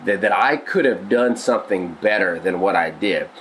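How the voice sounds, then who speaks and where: A man's voice: deep voice, normal speed, a bit bright, a little hiss or hum, low-quality recording. A male pastor teaching on a devotional podcast, earnest and conversational, often restarting his sentences.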